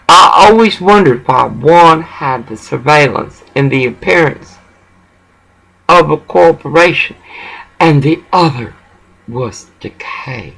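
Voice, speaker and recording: A man's voice: on the high side, animated, slow, vocal fry, a bit bright, breathy edge, low-quality recording. A man ranting in a rambling, profane monologue about grievances in his town.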